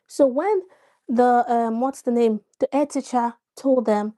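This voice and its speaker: Giving parenting tips on a live stream, she addresses viewers by name and explains things with examples in an easygoing way. Her pitch is fairly high, her pace measured, her tone dark.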